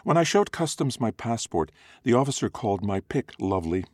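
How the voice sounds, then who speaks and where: A man's voice: mid-range voice, sing-song, a little fast, darkish tone, no echo, clean studio sound, pitched above the performer's own voice. A man voicing a fanciful young Greek-American woman with an earnest, polite manner, in a storybook reading.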